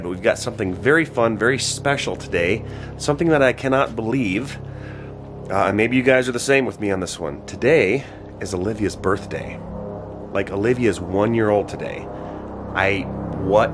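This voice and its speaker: A man's voice: lowish voice, noisy background. A man in his thirties, a father talking to the camera in a casual family vlog, earnest, repeating words as he gets emotional. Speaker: vlogger, father. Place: home in Alaska.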